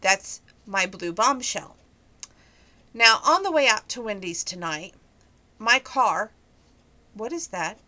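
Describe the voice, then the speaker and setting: A woman talks through her day in a relaxed, rambling vlog, leaving a story behind to chase a side thought. Her voice is bright and clear, with a touch of congestion from acting-up sinuses. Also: medium pitch, slow, long pauses. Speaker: vlogger. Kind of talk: casual daily vlog.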